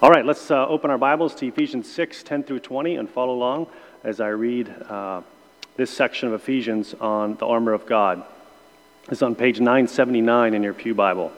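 A man leading a church Bible class in a conversational way, with many pauses and restarts. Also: medium pitch, fairly even intonation. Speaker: Sunday school teacher. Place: church room. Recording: long hall reverb.

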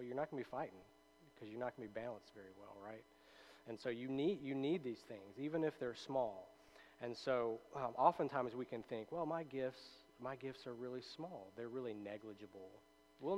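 A man leads a Bible lesson in an easygoing, talky way, reading verses and then explaining them. His voice sits in an ordinary middle pitch. A faint hum runs under the recording. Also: a little mellow, rough recording. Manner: conversational, with many fillers and tag questions. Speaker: Bible teacher. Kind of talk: casual Bible study teaching.

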